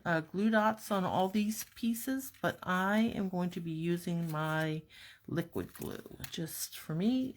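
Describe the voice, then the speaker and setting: A woman calmly narrating a card-making tutorial step by step, talking herself through each task as she works at her craft table. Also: fairly low pitch. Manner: calm, step-by-step, talks to herself while working. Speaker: papercraft demonstrator.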